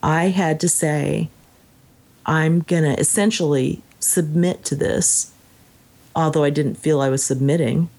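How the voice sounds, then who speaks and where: A woman's voice: sits low, measured pace. A woman in casual conversation, reflecting on a story she read and sometimes reading passages aloud. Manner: reflective, reads passages aloud, animated when quoting. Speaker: book discussion co-host. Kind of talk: casual chat about a book.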